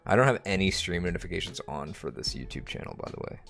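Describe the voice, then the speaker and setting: A young man with a very deep voice and a gravelly, fry-laden edge co-hosts a relaxed live stream. He rambles loosely, drops in jokes and often trails off mid-thought. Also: quick pace, faint music behind. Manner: rambling, joking asides, trails off mid-sentence. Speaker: stream co-host. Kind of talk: casual live-stream chat.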